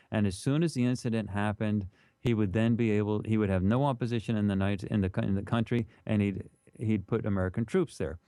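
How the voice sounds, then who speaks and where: A middle-aged man, an interview guest, telling history in a casual, animated way and acting out the people he quotes. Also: medium pitch, no room sound. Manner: animated, acts out quoted historical figures in raised voices. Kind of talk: casual explanatory storytelling.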